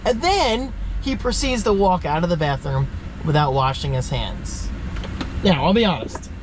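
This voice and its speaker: A man's voice: a little high, sing-song, normal speed, background noise. Chatty rambling male vlogger. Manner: rambling, chatty, self-joking. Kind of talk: casual vlog chat.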